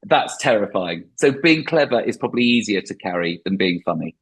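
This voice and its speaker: A middle-aged man talks as a podcast guest, rambling and mocking himself. His voice is slightly husky. His pitch swings widely as he goes. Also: a little fast, poor audio. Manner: rambling, self-deprecating, animated. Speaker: comedian guest. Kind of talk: podcast interview.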